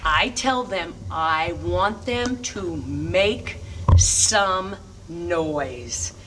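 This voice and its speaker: Speaking extremely slowly in a low-ish, expressive voice, a middle-aged woman coaches parents on teaching kids to roller skate at a rink. She's recorded from afar over background noise, upbeat and emphatic, with chanted cheers.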